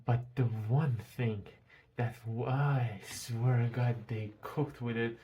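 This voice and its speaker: A man's voice: medium pitch, steady tone, slow, warm tone, a little hiss or hum. A man reviewing a show in a casual vlog, talking through a mask, rambling and swearing freely.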